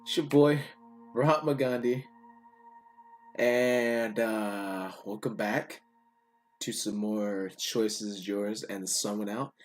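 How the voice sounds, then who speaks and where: A man's voice: fairly low pitch, slow, soft background music. A man casually reading a story game aloud, chatting between passages and breaking into incredulous outbursts. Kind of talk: casual let's-play narration.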